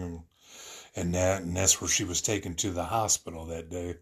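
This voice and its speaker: A man's voice: low voice, little pitch movement, moderate pace, slightly rough. A man telling a personal story about his family in a rambling, earnest way, full of fillers and restarts.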